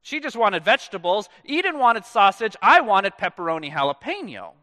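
A male pastor in his thirties delivers a sermon with a high, lively voice that swings widely in pitch. His tone is bright, and the sound is dry and close. Phrase ends often sink into quiet, drawn-out drops. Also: no echo. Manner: animated storytelling with dramatic soft drops at phrase ends. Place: church.

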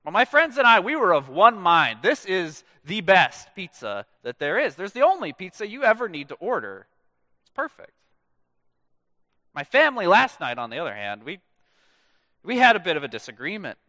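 A male pastor in his thirties delivers a sermon with a high, lively voice that swings widely in pitch. His tone is bright, and the sound is dry and close. Phrase ends often sink into quiet, drawn-out drops. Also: dry recording. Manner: animated storytelling with dramatic soft drops at phrase ends. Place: church.

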